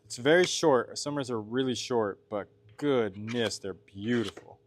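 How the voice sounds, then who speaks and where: A man from Washington State streams from his blacksmith workshop, his voice sitting at an ordinary middle pitch for a man. He talks casually and laughs easily, reading his live chat aloud and answering it between tasks at the forge. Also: measured pace, background noise. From Washington State, USA. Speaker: blacksmith livestreamer. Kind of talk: casual livestream chat while working.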